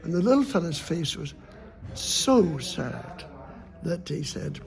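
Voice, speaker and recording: A man tells a folk tale aloud in a high, gravelly voice. He is playful and lively, with sound effects and sudden hushes. He keeps the pace warm and full of play. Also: takes it slowly, music in the background. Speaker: storyteller. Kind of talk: oral folk storytelling.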